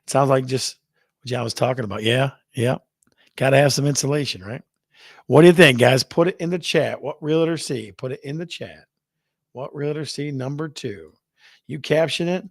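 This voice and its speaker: A man's voice: mid-range voice, normal speed, vocal fry, dry recording, studio quality. A man hosting a real estate livestream, chatting playfully, reading viewer comments and counting down contests. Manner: playful, reads out chat, counts down aloud. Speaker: real estate show host. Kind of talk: casual livestream chat.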